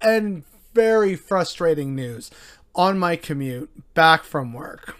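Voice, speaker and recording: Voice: mid-range voice, animated, slow pace. A commentator from Canada, ranting angrily and sarcastically about the news with lots of swearing. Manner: angry, sarcastic, heavily profane.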